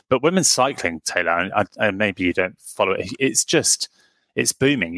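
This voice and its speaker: A man's voice: low voice, bright, forceful tone, dry recording. A man hosting a casual interview, asking rambling questions and cracking jokes. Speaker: podcast host.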